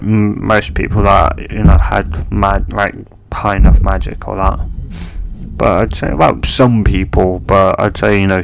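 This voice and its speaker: Hesitant, rambling male storyteller with a low gravelly voice. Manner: rambling, hesitant, full of fillers and restarts. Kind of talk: improvised fan-fiction narration.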